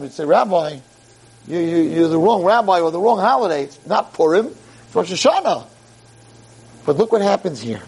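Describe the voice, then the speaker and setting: High-voiced animated rabbi, man. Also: moderate pace, slightly rough. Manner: dramatic, acts out quotes with big pitch jumps; mixes Hebrew verses with English translation. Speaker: rabbi giving a holiday talk. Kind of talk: animated sermon to a live audience.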